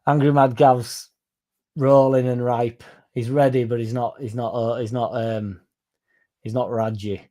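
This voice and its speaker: A man's voice: mid-range voice, warm tone. A young man with a Yorkshire accent, chatting casually as a fan channel host, swearing and joking like one of the lads. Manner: sweary, laddish and jokey. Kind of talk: casual chat.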